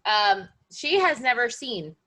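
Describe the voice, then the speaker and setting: Woman, podcast co-host, profane rant, bright sharp tone. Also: a little high, sing-song. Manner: profane, ranting, fast-talking. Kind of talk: casual chat.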